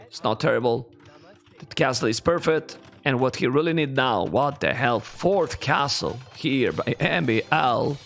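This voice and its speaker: Man, Spanish accent, young adult, live esports caster, excitable, lively pitch, slightly gravelly. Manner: excitable, reacts loudly to viewers. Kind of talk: live game commentary.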